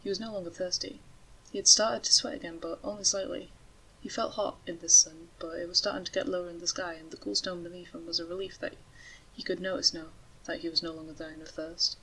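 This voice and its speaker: A woman narrating a story in a steady, measured way. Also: fairly low pitch, slight background noise, poor audio.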